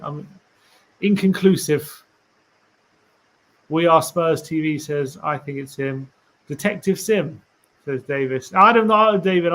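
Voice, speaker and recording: Rambling, higher-voiced man streaming. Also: bright, forceful tone. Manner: musing, rambling, asks viewers rhetorical questions. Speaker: fan channel stream host. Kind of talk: casual live-stream chat reading tweets aloud.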